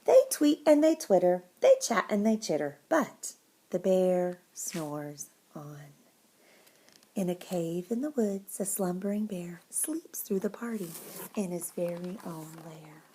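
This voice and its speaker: Expressive woman teacher reading aloud. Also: mid-range voice, moderate pace, slight background noise. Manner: expressive, often dropping to a whisper. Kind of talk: reading a picture book aloud to children.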